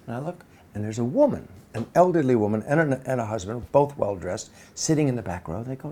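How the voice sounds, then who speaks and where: A man telling a personal story in a casual, animated way. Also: mid-range voice, fast talker, hardly any pauses, slight background noise. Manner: animated, acts out quoted voices.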